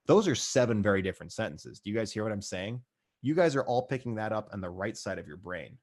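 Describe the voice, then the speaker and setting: A man's voice: lowish voice, lively intonation, fast talker, darkish tone. A man teaching as a paramedic instructor in a recorded lecture, speaking conversationally with dry asides and frequent check-ins.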